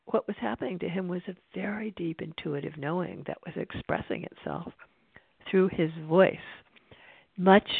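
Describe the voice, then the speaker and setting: A meditation teacher giving a spiritual talk in an unhurried, reflective way, with frequent restarts, over a tinny phone-like line. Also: medium pitch, no echo. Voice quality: creaky.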